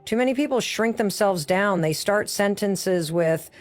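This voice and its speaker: A woman's voice: mid-range voice, measured pace, faint music behind. A woman delivering a motivational speech as a speaker, coaching the listener in short, emphatic, punchy phrases.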